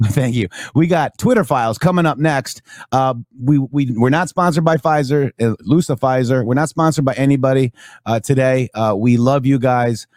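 A man's voice: medium pitch, moderate pace, a little mellow, no room sound, studio quality. A man hosting a political talk show, talking casually and rambling with many fillers. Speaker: show host.

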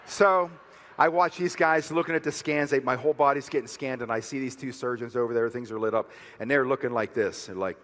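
A man's voice: medium pitch, brisk, long reverb tail. Fiery man giving a rally speech. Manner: fiery, builds to shouting. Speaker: speaker at a rally. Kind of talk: motivational speech.

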